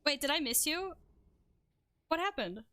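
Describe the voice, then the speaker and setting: A young adult woman streaming a game live, reacting excitably, swearing and making fun of herself. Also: high-pitched, a little slow, dry recording. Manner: excitable, swears, self-deprecating outbursts. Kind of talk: live gameplay commentary.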